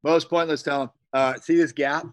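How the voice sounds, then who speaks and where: A man's voice: fairly high pitch, fairly even intonation, moderate pace, poor audio. Rambling, jokey middle-aged man. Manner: rambling, jokey, swears freely. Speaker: guest, special effects artist. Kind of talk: casual podcast interview.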